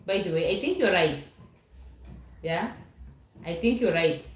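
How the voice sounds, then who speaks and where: Slow-talking woman reading live chat. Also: lowish voice, animated. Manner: chatty, laughs often, reads comments aloud. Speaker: livestream host reading chat. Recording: roomy echo.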